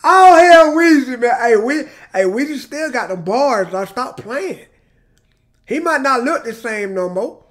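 Hyped-up man shouting his reactions. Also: extremely high pitch, measured pace. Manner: excitable, shouts and exclaims over the track; hyped, emotional, talks straight to viewers. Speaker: music reaction YouTuber. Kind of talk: casual reaction commentary.

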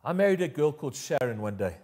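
A man with a South African accent preaching a sermon as pastor, animated and jokey, leading the congregation in call-and-response. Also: medium pitch, quick pace, breathy edge.

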